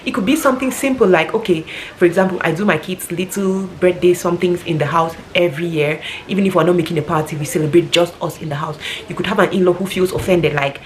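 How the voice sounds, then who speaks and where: Fast-talking woman giving earnest advice. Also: fairly low pitch, a little hiss or hum. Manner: earnest, conversational, rambling advice. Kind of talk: casual advice talk.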